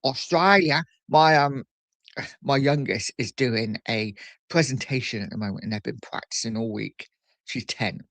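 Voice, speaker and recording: A man's voice: medium pitch, measured pace, a bit bright, dry recording. Guy chatting on a livestream, medium voice, dry close mic. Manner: chatty, reads out viewer messages. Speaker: livestream host. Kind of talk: casual live chat.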